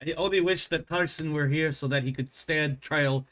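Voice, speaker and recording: A man's voice: on the high side, steady tone, normal speed, sharp tone. A man voicing a weary, apologetic male military officer in a tabletop role-play, earnest and humble with hesitant restarts.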